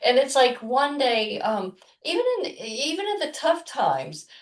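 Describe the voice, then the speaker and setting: A woman's voice: sits high, big pitch swings, a little slow, recorded from a distance. Rambling woman in an echoey room. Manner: rambling, many restarts and soft murmurs. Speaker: podcast co-host. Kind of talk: casual chat, personal storytelling.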